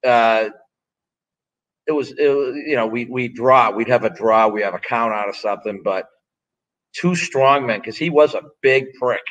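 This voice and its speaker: A man in his sixties with an everyday, mid-pitched voice, swapping stories in an interview. He talks bluntly and rambles from one anecdote to the next, swearing freely as he goes. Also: a bit bright, muffled recording. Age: 60s. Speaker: interview guest, former strongman and pro wrestler. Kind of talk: casual storytelling interview.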